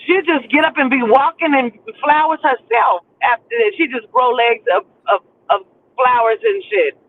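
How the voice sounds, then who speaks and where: A woman co-hosting a casual panel chat, animated, slangy and blunt. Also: high-pitched, moderate pace, narrow, tinny audio. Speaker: panel co-host.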